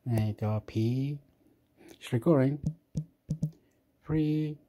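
A man talks his way through an app at an unhurried, meandering pace. His voice is dark and mellow, often dropping to a mumble. He snaps at the screen when something annoys him. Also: medium pitch. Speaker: app reviewer. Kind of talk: rambling screen-recording chat.

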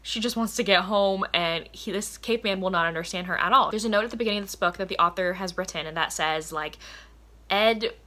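Speaking fairly quickly in a sharp-toned, mid-range voice, a woman talks about books in her casual vlog. She's eager and chatty, leans heavily on "like," and laughs a lot.

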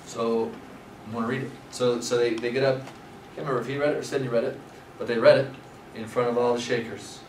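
A man's voice: medium pitch, fairly even intonation, quick pace, few pauses. A man teaching a scripture class, telling the history in a conversational way with many fillers. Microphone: far from speaker. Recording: roomy, distant, noisy room.

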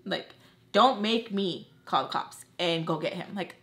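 A woman's voice: fairly low pitch, measured pace. A woman voicing an angry, threatening middle-aged mother who curses and accuses. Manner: shouting, cursing, accusing.

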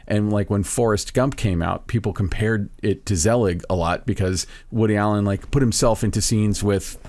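A man's voice: fairly low pitch, moderate pace, darkish tone, dry recording. A man co-hosting a podcast, talking casually and eagerly about films, rattling off titles with a few stammered restarts. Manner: film-buff enthusiasm, lists titles, stammered restarts. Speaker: podcast co-host. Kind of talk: casual chat.

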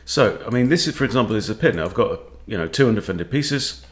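A man's voice: fairly low pitch, lively intonation, fairly quick. A man who coaches chess, thinking aloud as he plays and talking to himself with wry asides. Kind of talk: thinking-aloud game commentary.

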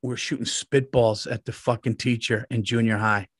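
A man's voice: medium pitch, level tone, normal speed, slightly rough, no echo. A man in his forties telling rambling, profane stories as a comedian co-host in casual podcast chat. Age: 40s.

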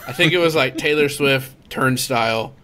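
A man co-hosting a casual podcast, excitable and quick to laugh, full of "like" and "dude.". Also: mid-range voice. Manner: excitable, laughs easily, says "dude" and "like" a lot. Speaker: podcast co-host. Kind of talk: casual chat.

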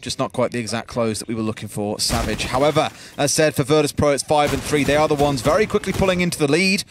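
A man's voice: medium pitch, fast, noisy background. A man doing esports colour commentary who jokes, laughs often and teases his co-caster.

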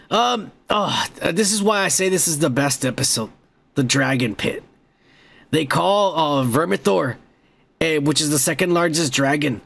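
A young man hosting a podcast, rambling and swearing excitedly as he reviews a show episode. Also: a little high, unhurried, creaky. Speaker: podcast host. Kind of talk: casual profane show review.

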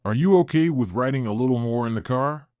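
A man's voice: medium pitch, lively intonation, fairly quick, a little mellow, dry recording, clean studio sound, close to an everyday voice. A man voicing a polite, concerned young man who is helping a lost girl, in an earnest, courteous tone.

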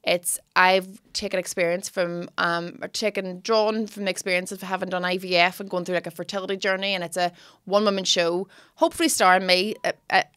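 A woman with a Northern Irish accent, a comedian co-hosting a casual podcast, telling animated stories and slipping into impressions. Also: on the low side, fairly quick, clean tone, dry recording, studio quality. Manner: animated storyteller, mimics and laughs.

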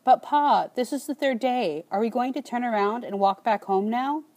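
A woman's voice: a little high, lively intonation, normal speed, darkish tone, pitched above the performer's own voice, lightly acted. A woman voicing a tired, tearful five-year-old girl who pleads with her father in an audiobook. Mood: pleading.

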